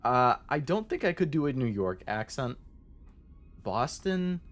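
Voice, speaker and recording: A man's voice: medium pitch, big pitch swings, unhurried, faint music behind. A man streaming as a VTuber, chatting casually and rambling as he answers his chat, with many fillers.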